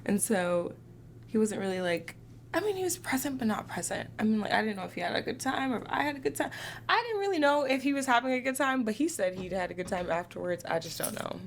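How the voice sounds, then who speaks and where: A woman's voice: a little high, sing-song, quick pace, slight background noise. A woman guest on a dating show talking casually, rambling with lots of fillers. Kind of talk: casual chat.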